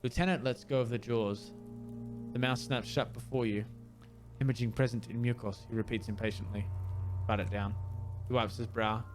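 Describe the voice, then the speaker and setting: A man's voice: medium pitch, fairly even intonation, soft background music. A man playing through a video game, reading its dialogue aloud and doing amateur voices for the characters. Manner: amateur voice acting, measured reading. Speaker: let's player.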